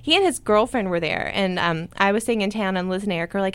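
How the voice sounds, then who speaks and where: A woman's voice: mid-range voice, fast, fairly bright tone, clear, resonant tone, no echo. A woman guest in a casual interview, talking in an earnest, rambling way with many "like" fillers. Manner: earnest and open. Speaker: podcast guest, jiu-jitsu competitor.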